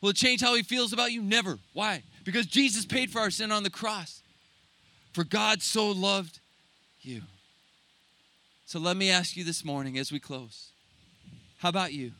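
A man preaching a sermon, impassioned at times and dropping to soft, slow, intimate tones on key phrases. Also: sits high. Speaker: pastor.

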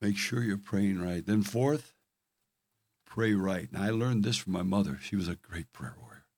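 A man's voice: lowish voice, normal speed, no echo. Earnest older man preaching, dry sound. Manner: storytelling, earnest, swings from loud emphasis to hushed tones. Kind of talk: sermon.

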